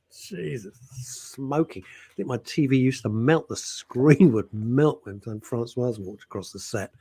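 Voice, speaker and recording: A man's voice: mid-range voice, expressive, breathy edge, no echo. A middle-aged British man hosting a radio show, bantering and making jokey asides. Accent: British English. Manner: jokey, teasing, quick asides. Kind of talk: casual banter on air.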